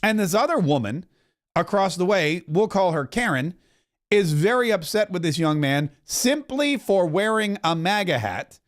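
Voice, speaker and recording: High-voiced joking podcast host, a man. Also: animated, moderate pace. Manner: joking, rambling, chuckling asides. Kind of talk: political commentary podcast.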